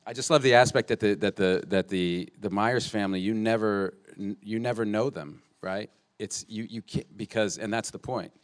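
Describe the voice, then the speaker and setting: A man, an actor at a press conference, talking playfully with jokes and quick restarts. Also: on the low side. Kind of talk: joking press-conference banter.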